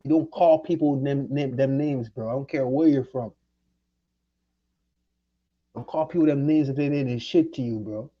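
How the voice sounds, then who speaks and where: A man's voice: medium pitch, moderate pace, pauses often, lo-fi sound. A man from Jamaica ranting angrily and profanely at someone during his livestream. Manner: angry, profane, confrontational. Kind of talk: heated livestream rant.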